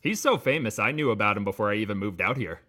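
A man's voice: fairly low pitch, fast. Young radio co-host guy, laid back, tells stories, laughs a lot. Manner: relaxed, storytelling, laughs easily. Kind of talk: casual radio chat.

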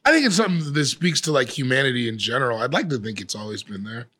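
A man's voice: mid-range voice, animated, fast talker, pushed and bright. A man co-hosting a podcast in casual chat, joking and laid-back. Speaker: podcast co-host.

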